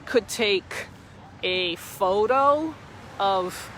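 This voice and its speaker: A woman's voice: medium pitch, animated, drawn-out words, fairly bright tone, low-quality recording. A woman talking on a casual live stream from a phone, outdoors by a street, in a rambling, repetitive, emphatic way. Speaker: livestreamer at a street protest. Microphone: phone camera held by the speaker. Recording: outdoor phone video with traffic and wind noise.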